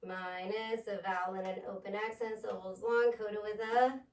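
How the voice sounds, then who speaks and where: A woman's voice: medium pitch, steady tone, moderate pace, far from the mic. A woman tutoring a pupil in phonics, patiently spelling words out letter by letter. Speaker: reading tutor. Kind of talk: one-on-one phonics lesson. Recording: echoey room, voice off-mic.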